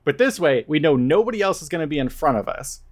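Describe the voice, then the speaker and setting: A man's voice: a little high, expressive, quick pace. A man voicing a blunt, decisive male starship captain who gives curt, profane orders.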